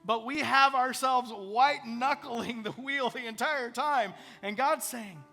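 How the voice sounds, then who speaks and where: A pastor preaching an earnest, conversational sermon with prayerful asides. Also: male voice, very high voice, measured pace, vocal fry, bright, forceful tone, soft background music.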